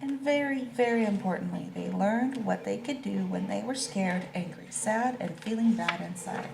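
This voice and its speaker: Gentle woman reading a storybook aloud. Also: medium pitch, vocal fry, a crowd in the background. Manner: gentle, slow and reassuring, asks children questions. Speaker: teacher reading a picture book to children. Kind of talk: storybook read-aloud with discussion. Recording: echoey room with faint background noise.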